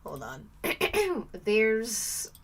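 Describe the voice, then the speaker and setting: A young woman talks casually to her live-stream audience, rambling through her thoughts with plenty of fillers. She speaks slowly, but her pitch is very animated. Excitement makes her squeal. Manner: rambling and chatty, lots of "like" and "um".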